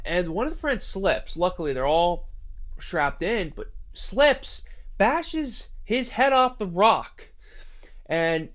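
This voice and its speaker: A man's voice: high voice, fairly bright tone. Man casually telling a scary story. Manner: rambling, filler-heavy retelling.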